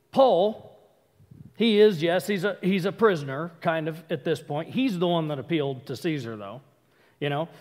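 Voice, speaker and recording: A man preaching a casual sermon, talking conversationally, breaking off mid-thought and acting out quick asides. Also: sits high. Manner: conversational, self-interrupting, acts out quick asides. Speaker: pastor. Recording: hall reverb.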